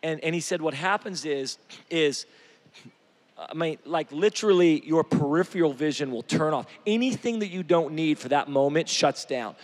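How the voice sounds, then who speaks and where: Male preacher, fairly high voice, animated and joking, heavy hall reverb. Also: normal speed. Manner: animated, joking, shifts from shouting to quiet. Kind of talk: energetic sermon.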